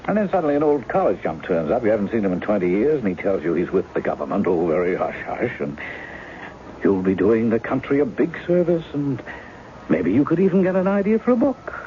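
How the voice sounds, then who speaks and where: A man's voice: on the low side, very animated, brisk, slight background noise. An actor playing a charming, wry male novelist in his forties who poses as a woman's lost husband, in 1970s radio drama style. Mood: rueful. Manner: teasing, easy charm. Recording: muffled old radio broadcast with music.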